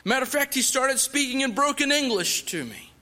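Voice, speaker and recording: A man's voice: extremely high pitch, animated, fairly quick, sharp tone. A man who is a missionary, giving an earnest, emphatic testimony as a guest speaker in a church sanctuary. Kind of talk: sermon testimony. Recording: long church reverb.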